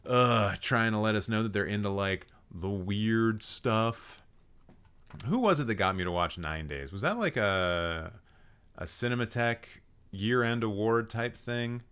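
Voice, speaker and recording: A young man hosts a live stream and rants in cheerful mock outrage, swearing freely. His voice sits on the low side but sounds bright, and its pitch leaps up and down. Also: a little slow, clean tone. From Canada. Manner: animated, profane, mock-outraged ranting. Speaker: livestream host roasting viewers' film profiles.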